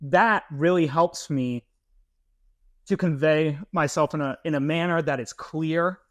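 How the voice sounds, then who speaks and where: A man's voice: on the high side, a bit bright, no echo, studio quality. A young man co-hosting a podcast, answering in a reflective, casual way, often restarting phrases and checking in with "right?". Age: young adult. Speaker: podcast co-host.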